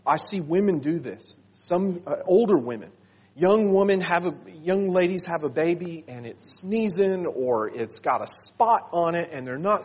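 A man preaching a sermon to his congregation, earnest and halting, with many fillers and restarts. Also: on the high side, husky, highs cut off.

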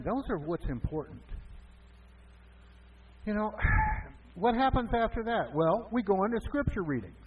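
A man's voice: high voice, husky. A man preaching a conversational sermon as pastor, asking and answering his own questions. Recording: tinny phone-like sound from far off.

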